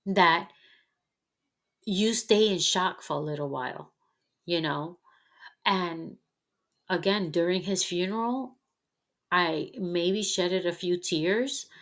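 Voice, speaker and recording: A woman hosting a podcast, speaking in a personal, reflective monologue that is candid, heartfelt, halting and unhurried. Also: on the low side, a bit bright. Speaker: podcast host.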